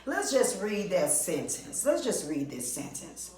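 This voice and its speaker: Slow, patient woman teacher in echoey room. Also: on the low side, sing-song, darkish tone. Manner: slow, drawn-out sounding of vowels with questions to the class. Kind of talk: recorded reading lesson for young children.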